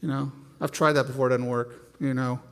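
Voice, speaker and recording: A man's voice: mid-range voice, level tone, a little fast, creaky, in a large hall. A man preaching a sermon, telling self-deprecating stories with frequent restarts.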